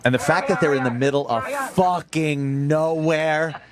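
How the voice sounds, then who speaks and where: A male radio host talks slowly in a slightly raised register, swearing freely and cheering on a film as it plays. Loud soundtrack and crowd noise from the movie sit heavily under his voice. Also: on the high side. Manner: profane, excited running commentary. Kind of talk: casual chat while watching a film.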